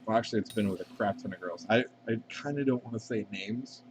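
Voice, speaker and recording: A man's voice: lowish voice, fast talker, slight background noise. A man chatting casually and rambling while playing a game on a live stream, swearing freely and answering viewer questions.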